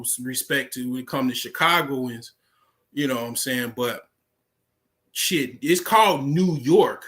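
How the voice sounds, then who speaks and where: A man's voice: mid-range voice, a bit bright. An American man talking in a casual, rambling monologue, full of fillers and profanity. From United States. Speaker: vlogger.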